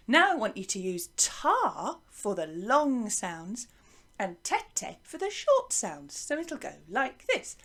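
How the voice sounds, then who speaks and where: Lively woman teaching a children's lesson. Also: sits high, takes it slowly, very noisy. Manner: encouraging, chanting rhythms with pupils. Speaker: primary school music teacher.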